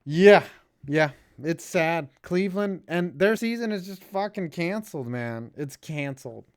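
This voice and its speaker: A man with a smooth, clear, slightly high voice hosts a relaxed sports stream. He chats loosely and swears freely, and his sentences often sink into quiet mutters. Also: a little slow. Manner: loose, profane, trailing off into low mumbles. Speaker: stream host reading viewer donations. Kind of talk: casual sports chat.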